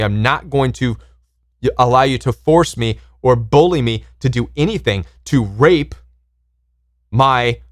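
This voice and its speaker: A man's voice: medium pitch, no room sound, clean studio sound. A man hosting a self-help channel, speaking in an impassioned, emphatic monologue and acting out pushy voices when he quotes people.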